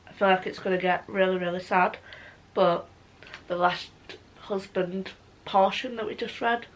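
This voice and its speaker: A woman's voice: medium pitch, low-quality recording. A young woman chatting casually in a reading vlog, gushing and emotional, with many "like"s. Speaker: book vlogger.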